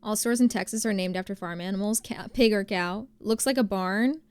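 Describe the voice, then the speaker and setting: A young woman from New Jersey chats with her stream viewers in a loose, rambling way, full of "like"s and tangents. Her voice sits at an ordinary middle pitch and is recorded close and dry. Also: fairly quick, clear, resonant tone, no room sound. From New Jersey, USA. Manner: chatty, rambling with many fillers. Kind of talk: casual chat reading viewer messages.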